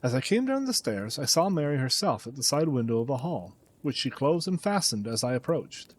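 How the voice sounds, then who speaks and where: A man narrating a classic detective story as an audiobook, dramatic and expressive. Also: mid-range voice, a little fast.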